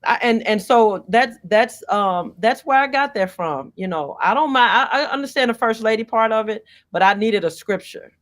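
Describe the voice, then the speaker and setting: A woman's voice: fairly high pitch, lively intonation, moderate pace, few pauses, fairly bright tone. An earnest woman pastor from Gary, Indiana, talks as an interview guest. She grows emphatic and passionate as she recites a string of faith confessions.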